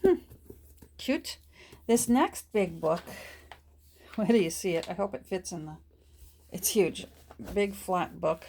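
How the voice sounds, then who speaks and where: A woman's voice: mid-range voice, lively intonation, slow pace, pauses often, darkish tone, a little hiss or hum. A middle-aged woman chatting casually while she works, showing a book haul to her phone, restarting her sentences as she goes. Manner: drops to a whisper while showing pages. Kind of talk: casual chat while working.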